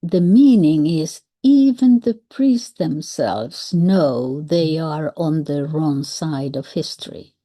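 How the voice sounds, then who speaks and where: A woman speaks in a slow, unhurried, measured way as she analyzes the wording of a historical text. Her voice sits a little low and sounds warm and mellow. Now and then she drops into soft whispered asides. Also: animated. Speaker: commentator on historical texts. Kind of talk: reflective commentary.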